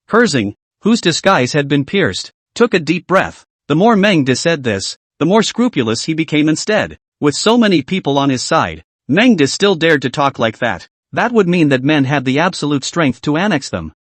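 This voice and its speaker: A man's voice: fairly high pitch, sing-song, moderate pace, hardly any pauses, no echo. A man reading a comic story recap as a scripted narration.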